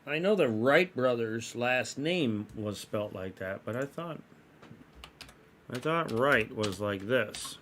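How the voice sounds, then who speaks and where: A man's voice: medium pitch, expressive, slow pace, a bit bright, slight background noise. Rambling casual streamer man. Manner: rambling, self-correcting, chatty. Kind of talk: casual live-stream chat.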